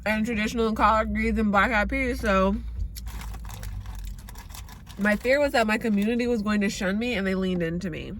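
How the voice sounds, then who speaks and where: A woman's voice: mid-range voice, moderate pace, long pauses, a bit bright, a little hiss or hum. A woman in her thirties from the Bay Area, chatting casually and candidly in a vlog, swearing freely. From San Francisco Bay Area. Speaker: vegan vlogger.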